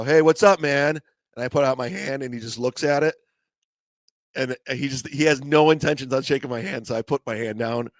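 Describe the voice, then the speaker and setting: A man's voice: medium pitch, dry recording. A man telling a story casually, then arguing defensively and repeating accusations of lying. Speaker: call-in guest. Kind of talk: casual storytelling and heated argument.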